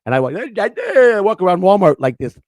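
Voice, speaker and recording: A man's voice: high-pitched, wildly swooping pitch, quick pace, darkish tone, dry recording, rough recording. A middle-aged man hosting, telling rambling stories in a casual, outspoken way with many restarts. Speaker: host. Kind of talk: casual storytelling on camera.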